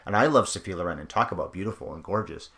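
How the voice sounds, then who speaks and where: Deep-voiced man chatting about films. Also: rapid-fire, sharp tone. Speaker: podcast co-host. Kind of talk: casual film discussion.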